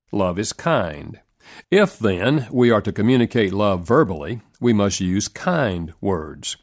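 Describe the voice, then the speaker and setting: A man reading a relationship self-help audiobook in a measured, earnest narration with lively rises in pitch.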